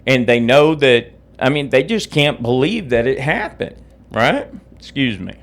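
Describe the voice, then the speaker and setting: A man's voice: medium pitch, animated, measured pace. A middle-aged man, hosting his own podcast in a profane, agitated rant just after waking up. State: just woke up, drinking coffee. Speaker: podcast host. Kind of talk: angry personal podcast rant.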